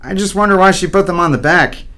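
A man's voice: high voice, fast talker, sharp tone, voice pushed up. A man voicing an eager, naive sixth-grade boy in a storybook, talking earnestly and wonderingly to himself. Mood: pleased. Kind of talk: storybook character voice.

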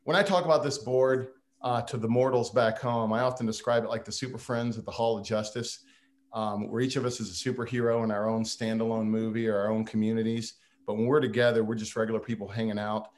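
A man's voice: lowish voice, steady tone, quick pace, slight background noise. A man giving a humorous, folksy farewell speech to a board, self-deprecating and prone to restarts.

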